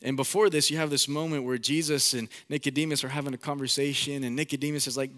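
A young man preaching a sermon as the pastor, in a casual, animated way, acting out quotes. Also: mid-range voice, fast, few pauses.

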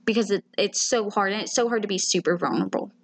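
A woman's voice: medium pitch, quick pace, creaky. Candid, foul-mouthed woman podcast host. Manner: candid and emotional, swears freely. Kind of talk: casual chat.

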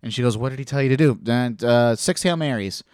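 A swearing, animated male storyteller. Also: medium pitch, fast talker, clear, resonant tone, no echo, studio quality. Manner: animated, swearing, acts out quoted voices. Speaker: podcast guest telling a story. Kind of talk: casual storytelling chat.

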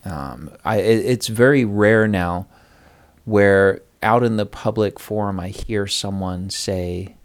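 A man's voice: fairly low pitch, slow. A man reading a Bible passage and then talking earnestly about sharing faith with others. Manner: earnest, conversational, reads passage aloud. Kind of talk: Bible study discussion.

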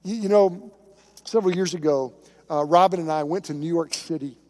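High-voiced male pastor preaching. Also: brisk, darkish tone, in a large hall. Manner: conversational, emphatic preaching with storytelling. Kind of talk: sermon.

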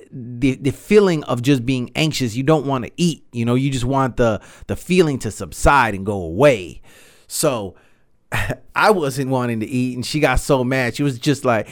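Male podcast host, 30s, medium pitch, loose swearing storyteller. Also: normal speed. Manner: rambling, animated, swears freely, says "man" and "you know" a lot. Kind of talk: casual storytelling monologue.

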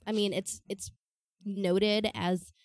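A woman's voice: mid-range voice, flat delivery, slow pace, darkish tone. A woman co-hosting a history podcast, telling the story casually with frequent laughs and fillers.

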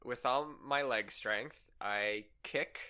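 A man's voice: medium pitch, slow, sharp tone. A young man playing a tabletop game, hesitant and playful with many ums. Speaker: player.

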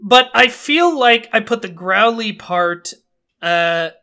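A young man co-hosting a podcast in casual chat, talkative and quick to laugh at himself. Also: high-pitched, expressive, sharp tone. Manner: chatty, self-amused, laughs often. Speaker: podcast co-host.

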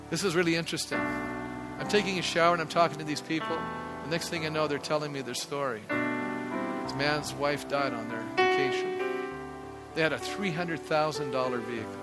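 A man in his sixties, a pastor giving a conversational sermon and asking the congregation rhetorical questions. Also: a little high. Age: 60s.

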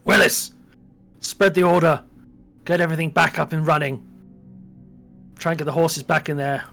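A cautious, commanding knight, as a man plays him in a tabletop role-play. The voice has a gravelly edge and formal, suspicious questioning. Faint music sits behind it. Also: fairly high pitch, fairly even intonation, normal speed, a bit bright. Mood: stern.

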